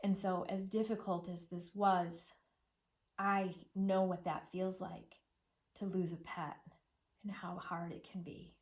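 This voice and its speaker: A middle-aged woman teacher reads a children's novel aloud for a lesson, slowly and with a fairly low, flat delivery. Even so, she's expressive, with rhythmic word repetition and a near-whisper when the story turns sad.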